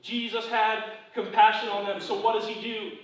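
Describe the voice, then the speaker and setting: High-voiced preacher in an echoey church. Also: male voice, flat delivery, normal speed, distant mic. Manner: conversational preaching, repeats phrases, asks "right?" often; drops to a low quiet voice on serious points. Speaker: pastor. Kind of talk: sermon. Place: church sanctuary.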